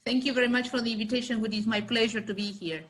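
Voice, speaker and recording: Woman from Argentina, interview guest, reflective and halting. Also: a little high, fairly even intonation, rough recording. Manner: thoughtful, hesitant, many fillers and restarts. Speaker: guest, chamber of commerce chief executive. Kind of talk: interview answers.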